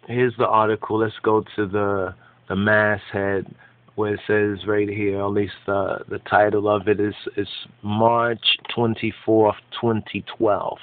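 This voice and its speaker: A man's voice: on the low side, flat delivery, unhurried, dry recording. A man giving impassioned, preachy commentary on an article, emphatic and repeating his phrases. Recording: tinny phone-like dry sound.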